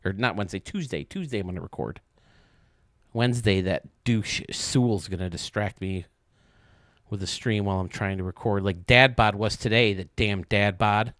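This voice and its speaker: A man's voice: fairly low pitch, moderate pace, a bit bright, no room sound, studio quality. A male streamer chatting casually with his viewers while gaming, joking and swearing freely.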